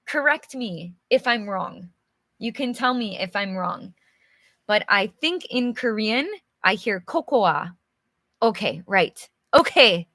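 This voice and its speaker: A woman teaching English to learners on a live stream, reading from a storybook and stopping often to explain words. She speaks slowly with a bright, slightly high voice that carries energy. Her sound is close and dry, with almost no room. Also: no room sound. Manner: friendly and chatty, asks viewers questions, laughs often. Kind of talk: slow, clear live teaching and read-aloud.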